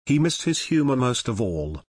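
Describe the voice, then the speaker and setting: Lively man narrating true crime. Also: medium pitch, moderate pace, breathy edge.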